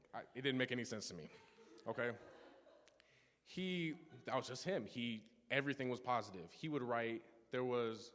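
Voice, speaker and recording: A man's voice: medium pitch, fairly bright tone. A young man in his teens gives an earnest personal testimony in a church service, telling stories with frequent restarts and asides. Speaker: youth speaker giving a testimony. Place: church sanctuary. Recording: long church reverb.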